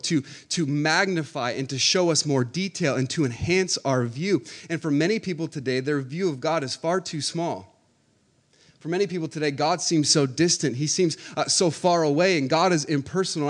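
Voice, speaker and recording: Man preaching a sermon with rising force. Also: a little high. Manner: rising to emphatic, loud preaching with slow stressed phrases; repeats words and uses audience call-outs. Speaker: pastor.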